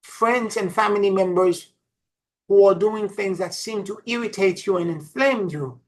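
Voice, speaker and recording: An earnest woman gives a casual spiritual talk as if chatting with listeners. She tells her stories by circling back and repeating key points. Her delivery shifts between soft, low asides and sudden emphatic lifts. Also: unhurried, rough recording. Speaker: spiritual teacher.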